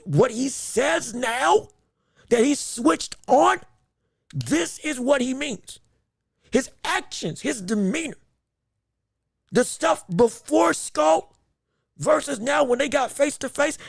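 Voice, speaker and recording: A man's voice: very high voice, vocal fry, slightly rough, dry recording, clean studio sound. A man hosting a boxing podcast, making his points emphatically and repeating himself with frequent restarts. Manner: emphatic, repetitive, stumbling restarts. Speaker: podcast host.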